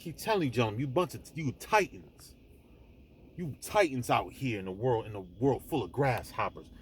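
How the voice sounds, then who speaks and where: A man's voice: medium pitch, animated, normal speed, slight background noise. A man hosting his own vlog, delivering a blunt, emphatic, preachy monologue with frequent restarts, speaking from an airport. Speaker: vlog host. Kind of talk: impassioned monologue to the camera.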